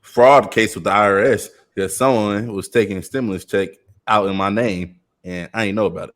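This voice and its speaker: Low-voiced young man telling a brash story. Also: fairly even intonation, normal speed, fairly bright tone. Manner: boastful, slangy and profane storyteller. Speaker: podcast co-host. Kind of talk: casual chat.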